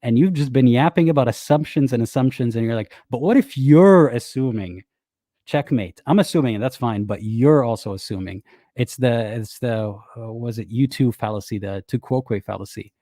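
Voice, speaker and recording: A man hosting a reaction video speaks briskly in a medium-pitched, dark voice, sarcastically mocking the people he quotes by imitating them in exaggerated voices. The recording is dry and studio quality.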